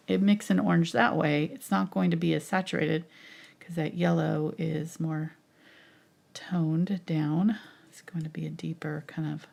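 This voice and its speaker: A woman's voice: low-pitched, vocal fry, darkish tone. A woman teaching a live painting tutorial, chatty and explaining each step as she mixes her colours, laughing easily. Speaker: painting instructor.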